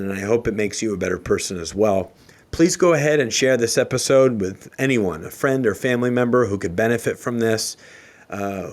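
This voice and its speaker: Male podcast host, fairly low voice, earnest and emotional, slow heartfelt quote reading. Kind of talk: solo motivational podcast talk.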